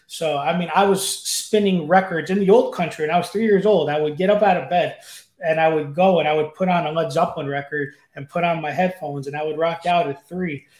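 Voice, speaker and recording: Man, interview guest, enthusiastic, rambling, fairly high voice, echoey room, video call. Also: fairly even intonation, fairly quick, a little mellow. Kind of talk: casual interview chat. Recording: roomy echo.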